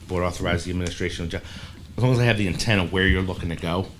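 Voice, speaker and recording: A man's voice: deep voice, a little hiss or hum. A man who handles the district finances, explaining budget figures in a matter-of-fact way at a board meeting. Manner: matter-of-fact, quick runs of numbers. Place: school board room.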